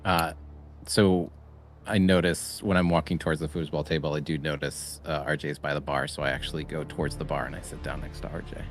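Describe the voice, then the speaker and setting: A man's voice: extremely low pitch, flat delivery, brisk, faint music behind. A man playing a tabletop game, describing his character's actions hesitantly. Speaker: player. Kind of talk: tabletop role-play chat.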